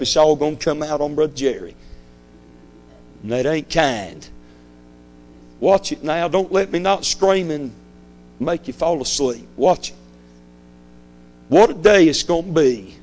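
A man's voice: a little high, a little mellow. A man preaching a fiery sermon, emphatic and repetitive, hammering his points home. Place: church sanctuary.

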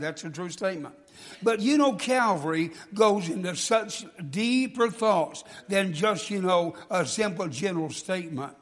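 A guest preacher, male with a high and somewhat bright voice, gives a folksy sermon in a church sanctuary, tripping over words and starting again. He's congested from a cold and coughing, and the sound carries long church reverb.

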